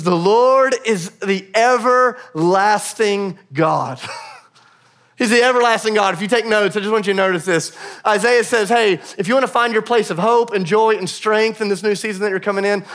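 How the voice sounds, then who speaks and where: A man in his thirties with a high voice preaches a sermon. He talks loosely and conversationally, tossing in quick asides and poking fun at himself. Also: a bit bright. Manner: conversational, self-deprecating humor, quick asides. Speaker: pastor.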